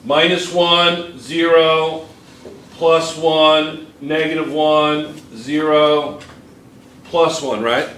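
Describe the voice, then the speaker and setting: A man's voice: fairly high pitch, steady tone, drawn-out words, fairly bright tone, a little hiss or hum. An American man with a New Jersey accent, a chemistry teacher lecturing and quizzing his class in a classroom. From United States. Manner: chatty, asks the class questions.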